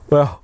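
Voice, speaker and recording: A man hosting a casual local radio show from a small studio, talking in a halting way full of fillers. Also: warm tone, dry recording. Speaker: radio host.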